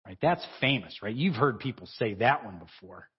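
A man's voice: on the low side, lively intonation, moderate pace, husky, lo-fi sound. A man preaching a conversational sermon, informal and chuckling, who breaks off and restarts his sentences as he goes. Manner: informal, self-interrupting, chuckling asides.

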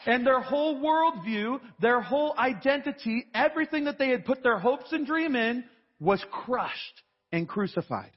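A man preaching a sermon in a conversational, animated way, acting out little asides. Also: very high-pitched, moderate pace. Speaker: pastor. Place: large church hall. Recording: dull, reverberant church recording.

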